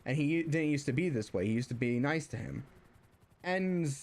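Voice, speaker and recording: Young man, streamer, casual rant, slightly high voice, rambling, fillers and restarts. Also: lively intonation, normal speed, a little mellow. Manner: rambling, many restarts and fillers, rising when riled.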